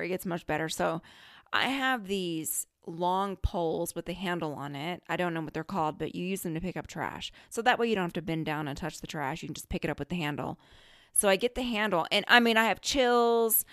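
A middle-aged woman hosting a podcast, telling a story in a casual, animated way, often laughing and quoting her own self-talk. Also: on the low side, no echo, studio quality. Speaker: podcast host.

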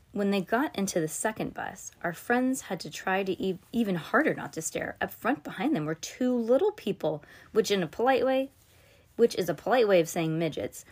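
A woman's voice: medium pitch, darkish tone. A woman hosting a podcast, reading a children's novel aloud in a casual way with chatty asides. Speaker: podcast host.

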